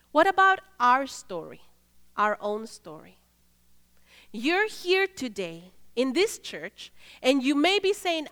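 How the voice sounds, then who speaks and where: A woman preaching in a church, telling a story earnestly and swinging between loud and hushed. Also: high-pitched, smooth, in a large hall. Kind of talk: sermon storytelling.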